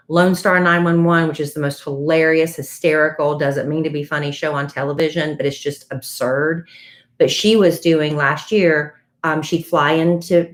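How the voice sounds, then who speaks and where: Chatty low-voiced woman telling gossip. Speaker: podcast co-host. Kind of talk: casual chat.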